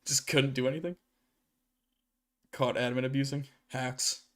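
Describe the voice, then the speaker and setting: A man's voice: medium pitch, steady tone, measured pace, fairly bright tone. A young adult man hosting a casual livestream Q&A while gaming, talking in a rambling, chatty way with many restarts and fillers. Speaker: streamer and channel host.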